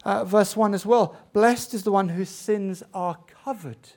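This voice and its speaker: High-voiced man preaching a sermon. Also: a little slow, darkish tone. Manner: expository preaching, rhetorical questions, swells of emphasis.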